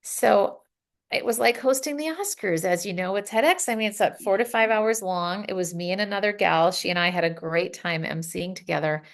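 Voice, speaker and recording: Animated American woman telling stories. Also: mid-range voice, moderate pace. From United States. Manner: animated, laughs often, acts out quotes. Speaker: podcast guest. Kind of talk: casual storytelling.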